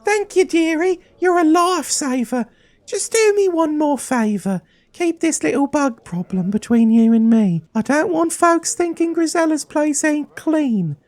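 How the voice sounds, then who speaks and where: A man voicing a fussy, motherly old female innkeeper in a cooing, sing-song falsetto. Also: expressive, unhurried, darkish tone.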